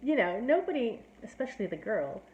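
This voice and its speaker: A woman's voice: a little high, very animated, a little fast, a little mellow, dull audio, slight background noise. A woman giving a casual, chatty plot summary as a teacher, filling her talk with "like" and "you know". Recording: roomy echo.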